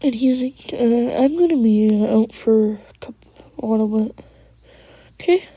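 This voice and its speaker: Soft-voiced woman rambling through a story. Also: a little high, a little slow, slightly rough, dry recording. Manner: rambling, quoting characters with "he's like"; often drops into a whisper. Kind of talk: casual fan story retelling.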